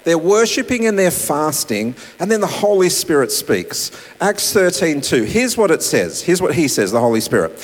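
A man preaching a sermon, swinging between raised emphasis and soft, quiet asides. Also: a little high, big pitch swings, slow. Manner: dynamic preaching, voice rising and dropping to soft asides. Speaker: pastor. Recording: long hall reverb with mains hum.

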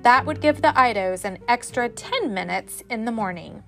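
Animated woman reading a children's story. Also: on the high side, moderate pace, vocal fry, faint music behind. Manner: expressive, animated. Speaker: teacher reading to a class. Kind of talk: children's story read-aloud.

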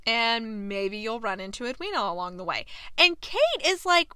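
A woman's voice: fairly high pitch, very animated, normal speed, bright, forceful tone, clean tone, no echo. A woman in a casual recap, animatedly acting out characters' lines and reading passages aloud. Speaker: book and TV commentator.

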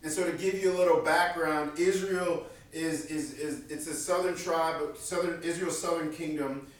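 A man's voice: on the high side, fairly even intonation, normal speed. A man preaching a sermon as pastor, in an earnest, conversational way, repeating key lines for emphasis. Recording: very echoey room, mic at a distance.

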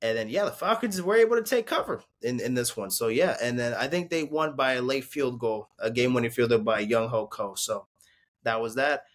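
A man hosting a casual sports recap, rambling and cursing as he reacts excitedly to games. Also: mid-range voice, a little fast. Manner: excitable, profane, rambling fan talk. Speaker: sports podcast host.

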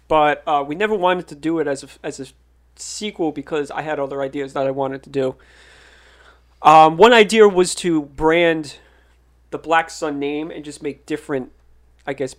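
A man who is a filmmaker and podcast guest, chatting casually in a rambling way full of fillers and restarts. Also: fairly high pitch. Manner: rambling, filler-heavy, laughs often. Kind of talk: casual chat.

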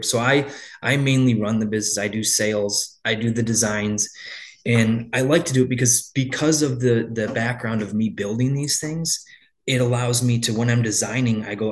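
A man's voice: mid-range voice, moderate pace. A man who owns a landscaping business, telling stories in a casual interview, with lots of restarts and quoted back-and-forth. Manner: rambling, frequent restarts, storytelling with quoted dialogue.

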